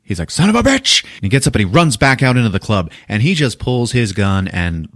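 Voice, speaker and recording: A man's voice: on the low side, fairly quick, no echo, clean studio sound. A man hosting a podcast, recapping a film in casual chat and acting out its characters with lots of swearing. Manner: animated storytelling, acting out characters with profanity.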